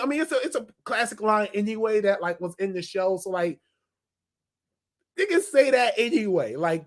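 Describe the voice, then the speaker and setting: A young man in a casual review vlog, animated and slangy, laughing as he retells scenes. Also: high voice, normal speed. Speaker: TV episode reviewer.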